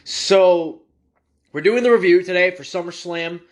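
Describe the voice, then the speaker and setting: A young man with a fairly high voice talks through a casual solo podcast. He rambles loosely and fills the gaps with ums and uhs. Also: a little slow. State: clearing his throat after eating. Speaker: podcast host.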